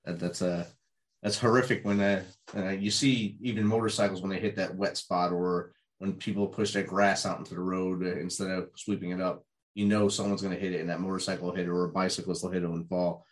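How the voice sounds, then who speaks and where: A man's voice: sits low, little pitch movement, brisk. A man hosting a casual interview, reacting briefly and encouraging his guest. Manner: short responsive reactions and encouraging remarks. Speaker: podcast host.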